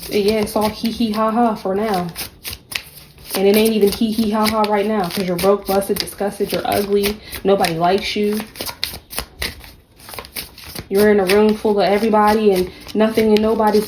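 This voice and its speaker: A woman's voice: medium pitch, level tone, brisk, noisy background. A woman giving a casual tarot reading, blunt and profane, with sassy, mocking asides. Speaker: tarot reader.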